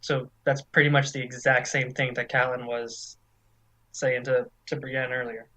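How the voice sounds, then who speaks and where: A man's voice: medium pitch, little pitch movement, normal speed, pushed and bright, poor audio. A man co-hosting a casual book discussion podcast, talking loosely with some swearing and reading quoted passages aloud. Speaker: podcast co-host.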